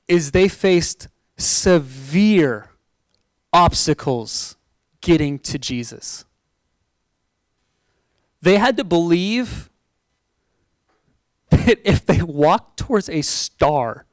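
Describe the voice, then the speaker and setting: Young man, youth-style preacher, animated and talky, bright high voice, dry close sound. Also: no echo, low-quality recording. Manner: animated, chatty storytelling with frequent "like" and laughter. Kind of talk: sermon with personal storytelling.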